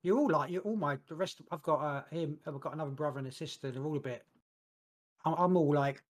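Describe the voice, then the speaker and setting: A man's voice: on the high side, fast talker. A man co-hosting a podcast, talking in a rambling, cheeky way and often repeating words. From United Kingdom. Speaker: podcast co-host. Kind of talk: casual podcast chat.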